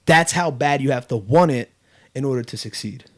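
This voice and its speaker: A man's voice: mid-range voice, moderate pace. A man hosting a casual podcast chat, telling a story with lots of fillers and restarts. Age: adult with kids. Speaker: podcast host.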